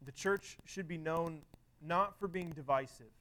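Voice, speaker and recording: Earnest, higher-voiced male preacher. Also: measured pace, pushed and bright. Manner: earnest, conversational, with frequent restarts and filler words. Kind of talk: sermon.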